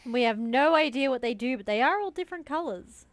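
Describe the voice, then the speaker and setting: A woman player in a tabletop game, chatting in an animated, emphatic way. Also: high-pitched, brisk, no room sound. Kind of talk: casual tabletop game chat.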